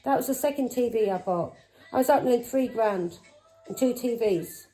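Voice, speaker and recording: A woman's voice: fairly high pitch, moderate pace, dark tone, soft background music, poor audio. A middle-aged woman, a tarot reader who talks in an angry, accusing way, swearing and firing taunting questions. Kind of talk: tarot reading vlog.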